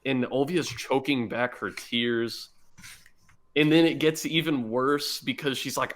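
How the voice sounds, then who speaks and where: A man's voice: medium pitch, fairly even intonation, a little slow. A man co-hosting a casual podcast, retelling scenes with emotion and frequent swearing. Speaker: podcast co-host. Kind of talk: casual chat about an anime.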